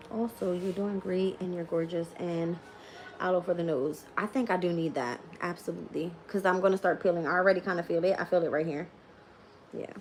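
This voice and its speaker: A woman's voice: lowish voice, slight background noise. A woman giving a live-stream tarot reading and chatting casually, tired, laughing often and swearing freely. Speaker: tarot reader.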